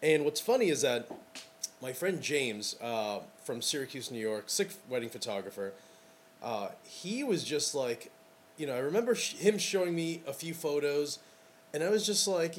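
A man's voice: fairly high pitch, lively intonation, normal speed. Rambling enthusiastic man hosting podcast. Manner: rambling and enthusiastic, many fillers. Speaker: podcast host and wedding photographer. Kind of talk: casual podcast monologue.

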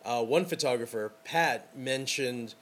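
A man's voice: mid-range voice, unhurried. A man hosting a casual podcast as a wedding photographer, talking in an enthusiastic, rambling way with lots of fillers.

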